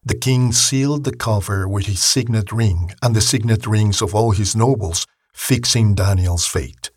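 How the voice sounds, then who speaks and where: Man, husky, slow measured Bible storytelling, dry. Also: fairly low pitch, no echo. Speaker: narrator. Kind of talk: scripted Bible story narration.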